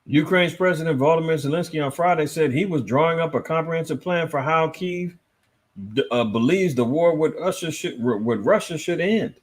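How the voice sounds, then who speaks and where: A man hosting a casual news commentary livestream, reading articles aloud and answering his chat in a lively, swinging voice. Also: normal speed. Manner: animated, swinging between loud and low, reads articles aloud, talks to chat. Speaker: host.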